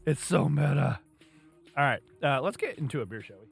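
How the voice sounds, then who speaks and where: A man's voice: on the high side, animated, brisk, vocal fry, breathy edge, faint music behind. A man co-hosting a casual beer podcast, joking and rambling, laughing often. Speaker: podcast co-host.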